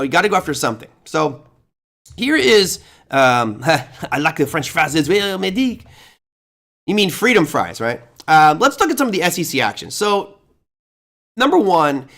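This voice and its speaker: A man hosts a live finance show with pointed, sarcastic commentary. His voice sits a bit high, and he leans hard on key words while working through his notes. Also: a bit bright. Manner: sarcastic, emphatic, reads along from notes. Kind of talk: opinionated market commentary.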